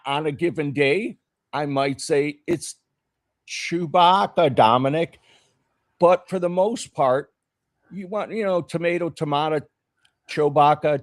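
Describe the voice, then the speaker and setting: A man's voice: on the high side, expressive, measured pace. Easygoing rambling man in group chat. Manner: easygoing, rambling, many fillers. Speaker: panel guest. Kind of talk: casual podcast banter.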